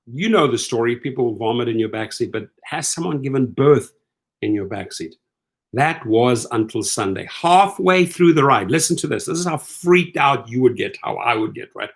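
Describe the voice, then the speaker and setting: At a moderate pace and in a mid-range voice, this middle-aged man hosts rideshare commentary. He rants casually and incredulously with lots of animation, performing the words of anyone he quotes.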